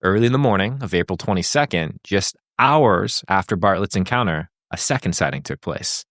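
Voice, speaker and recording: A man's voice: low-pitched, expressive, moderate pace, fairly bright tone, dry recording, studio quality. A man hosting a podcast, telling a spooky tale in a casual way, swearing and laughing at his own lines. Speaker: podcast host telling the story.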